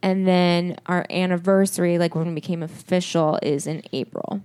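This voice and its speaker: A woman's voice: fairly low pitch, steady tone, moderate pace, dark tone, clean tone. A young woman co-hosting a podcast, chatting casually and telling stories with acted-out quotes and frequent laughs. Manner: chatty storyteller, laughs often, acts out quotes. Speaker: podcast co-host. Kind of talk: casual chat recapping a reality show.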